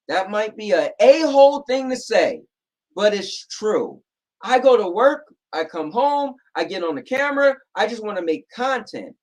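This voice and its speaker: A man with a New Jersey accent talks straight at the camera from his home. His voice sits high for a man, and he speaks bluntly and sarcastically in casual chat. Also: sing-song, normal speed, low-quality recording. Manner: blunt, sarcastic, repeats "right?". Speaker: show host.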